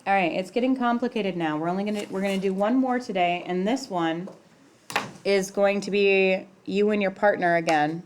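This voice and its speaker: A woman's voice: medium pitch, moderate pace, slight background noise. A woman math teacher in a classroom, chatting with students and acting out stories about her young kids. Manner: chatty, animated storytelling, acts out her kids' lines. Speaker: high school math teacher. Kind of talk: classroom teaching with personal anecdotes.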